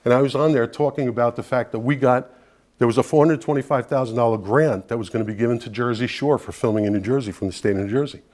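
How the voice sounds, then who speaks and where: A man talks earnestly to a room of listeners in a mid-range voice, neither high nor low. He speaks conversationally and sounds persuasive, often slipping in asides as he makes his case. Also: quick pace, darkish tone. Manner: earnest, persuasive, with frequent "you know" asides. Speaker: advocacy group leader giving a talk. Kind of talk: conversational speech to an audience.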